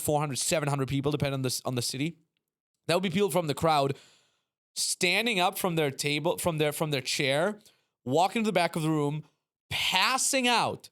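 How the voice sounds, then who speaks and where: Male podcast guest, slightly high voice, animated storyteller who curses and laughs a lot. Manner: swears freely, acts out voices, laughs often. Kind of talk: animated storytelling, casual chat.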